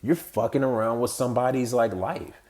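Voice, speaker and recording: A man's voice: medium pitch, moderate pace, darkish tone. A man hosting a podcast, giving heated, profane, rambling political commentary with mocking quoted voices. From United States. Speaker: podcast host.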